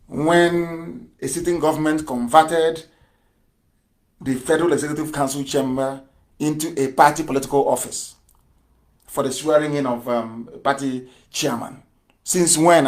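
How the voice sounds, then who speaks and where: Male radio broadcaster, high-pitched, fiery sarcastic political delivery with shouted peaks. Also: unhurried, pauses often. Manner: fiery and sarcastic, with rhetorical questions and bursts of shouting.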